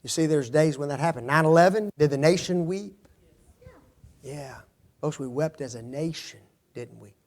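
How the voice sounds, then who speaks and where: A high-pitched man leads a Bible study from the front, throwing questions at his listeners. He echoes their answers back and keeps checking in with "okay?" and "don't they?" as he teaches. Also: moderate pace. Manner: asks the class questions and repeats their answers; often tags lines with "okay?" and "don't they?". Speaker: preacher teaching a Bible class. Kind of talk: interactive Bible study sermon.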